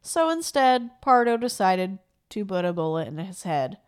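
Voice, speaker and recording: A woman's voice: medium pitch, expressive, moderate pace, clean tone. A woman co-hosting a true crime podcast, telling stories in casual chat with dry teasing. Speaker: podcast co-host.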